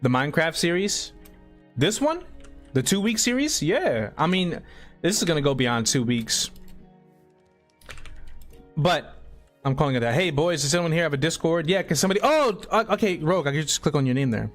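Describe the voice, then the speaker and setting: A man's voice: a little high, animated, a little fast. A man live-streaming a game, chatting loosely with viewers in slang-filled, rambling talk. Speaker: gaming streamer. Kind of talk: casual live-stream chat while playing. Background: soft background music.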